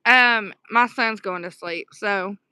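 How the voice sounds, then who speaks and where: A woman with a Southern US accent hosting a casual livestream from a dark room at home at night, chatting warmly and answering her chat aloud with pet names. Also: medium pitch, slow, clean tone, no echo. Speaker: livestream host.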